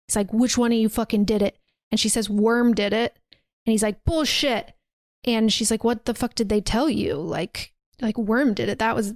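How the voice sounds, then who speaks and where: A woman's voice: mid-range voice, dry recording. A woman podcast host casually retelling a movie's scenes, acting out quoted lines with plenty of swearing. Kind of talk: casual chat.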